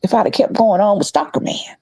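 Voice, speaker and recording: A middle-aged woman telling a story in casual chat, animated and laughing, acting out the other people's voices. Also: medium pitch, fairly quick, gravelly, husky, no room sound. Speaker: podcast co-host.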